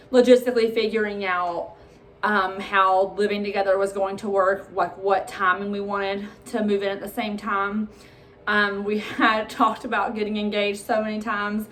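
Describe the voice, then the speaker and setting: A woman's voice: medium pitch, a little hiss or hum. Chatty woman vlogger telling a story. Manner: animated retelling with laughs and quoted dialogue. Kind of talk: casual storytelling to camera.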